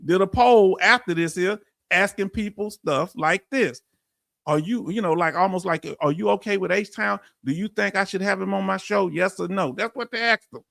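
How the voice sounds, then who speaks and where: A man with a Texan accent hosting a live stream, emphatic and animated, reading out chat comments and laughing often. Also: high-pitched, moderate pace, gravelly, no echo, studio quality. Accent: Texan English. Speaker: veteran live-stream host.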